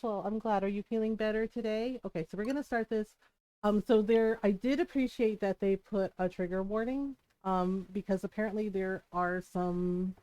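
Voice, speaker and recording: A woman's voice: on the high side, darkish tone, no echo, low-quality recording. A woman streamer chatting casually with her viewers as she plays, rambling and laughing often. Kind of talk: casual chat while streaming a game.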